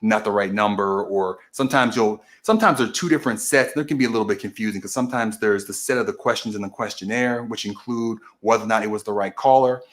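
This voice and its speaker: A man with a fairly low voice hosts his own stream and explains a process one step at a time. He talks casually and restarts and corrects himself often as he goes. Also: quick pace, few pauses, a bit bright. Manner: explains methodically, with frequent restarts and self-corrections. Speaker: host of a political stream. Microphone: camera video recording.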